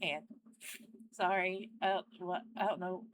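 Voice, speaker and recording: A young woman hosting a reaction channel, speaking in a casual, earnest and heartfelt way, often halting as she searches for words. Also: fairly low pitch, steady tone, low-quality recording.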